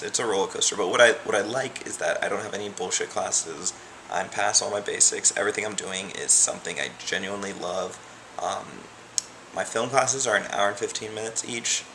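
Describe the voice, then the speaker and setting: A young male vlogger talks in a loose, rambling way, leaning on fillers as he goes. His voice sits low with a gravelly fry. A steady background noise runs under the recording. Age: young adult. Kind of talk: casual vlog chat.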